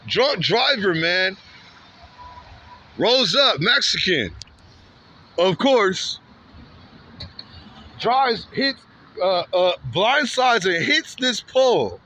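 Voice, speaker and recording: A vlogger from Santa Ana, California walks outdoors along a street telling a rambling, repetitive, heated story, frequently tagging lines with "man" or "bro." His high voice has big pitch swings, drawn-out words, and long pauses, with a bright, forceful tone and a slight hiss or hum.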